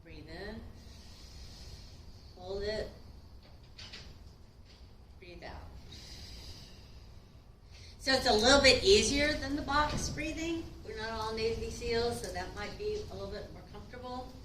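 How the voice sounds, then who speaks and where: A woman's voice: on the high side, a little fast, few pauses, roomy sound, distant mic, noisy background. A woman instructor giving a casual classroom lecture, chatty and acting out short quotes.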